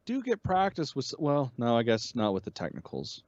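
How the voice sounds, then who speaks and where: A relaxed American man in a casual review chat, talking at a middle pitch with a lively, rising and falling voice. He hedges, swears and laughs along with his co-host. The recording is dry and close. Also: fairly quick, dry recording, highs cut off. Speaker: podcast co-host.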